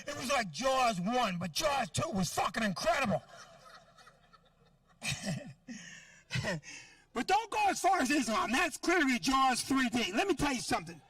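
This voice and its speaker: A man's voice: extremely high pitch, very animated, slow, pauses often, pushed and bright, recorded from a distance. A middle-aged man doing a stand-up set, ranting in a brash, profane way at the crowd. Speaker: stand-up comedian.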